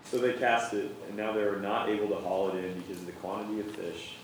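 A man reading a scripture passage aloud at a measured, steady pace in a church. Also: fairly low pitch, a little hiss or hum. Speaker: scripture reader. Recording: very echoey, distant mic.

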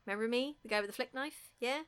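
A woman's voice: fairly high pitch, fast, a bit bright, smooth, natural voice. A woman voicing a man from a horror film, delivering his lines in an offhand, plain way. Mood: insistent.

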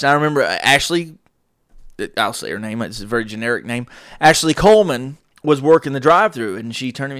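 A man tells a story on his podcast. He acts out each voice in it with lively energy. The sound is dry and close, with no room echo. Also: mid-range voice, brisk. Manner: animated storyteller acting out quoted dialogue. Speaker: podcast host. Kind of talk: storytelling monologue.

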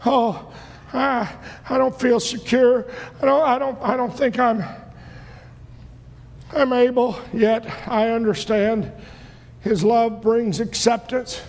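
A man preaching a sermon with passion, often rising into shouted bursts. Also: very high voice, fairly even intonation, slow, vocal fry, long pauses, long reverb tail.

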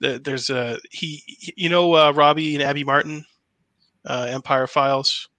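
A man hosting a casual stream talks on in long rambling stretches, stumbling and restarting his sentences. His voice is bright and forceful. The sound is dry and close. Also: on the high side, fairly even intonation, moderate pace, no echo. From New Hampshire. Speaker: stream host, impressionist. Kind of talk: casual chat.

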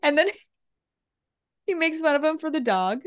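A woman's voice: high-pitched, expressive, a little slow. A woman co-hosting a podcast, chatting casually with frequent laughs and fillers. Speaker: podcast co-host. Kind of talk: casual chat.

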